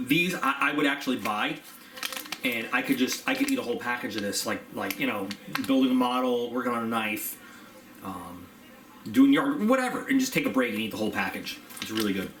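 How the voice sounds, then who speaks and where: This product reviewer is a man doing a casual unboxing, chatting and rambling with fillers and now and then speaking mid-chew. He has a medium-pitched, fairly bright voice, and the echoey room carries a faint background hum.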